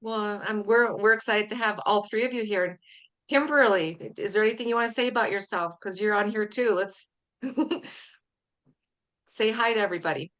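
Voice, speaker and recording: A woman's voice: mid-range voice, moderate pace, fairly bright tone. A woman hosting a live podcast, chatting with enthusiasm and many fillers. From Canada. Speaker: host.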